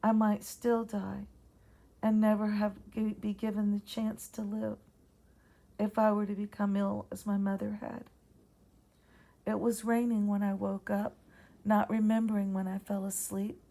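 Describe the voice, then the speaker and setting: A woman with a Southern accent reading her own ghost story aloud in a quiet, measured way. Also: medium pitch, little pitch movement, vocal fry.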